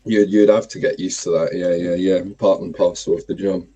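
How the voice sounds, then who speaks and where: A young man in his twenties speaks in a very low, raspy smoker's voice with a mellow, dark tone. He argues animatedly on a casual livestream chat. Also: normal speed, lo-fi sound. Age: 20s. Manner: animated, argues with repeated phrases.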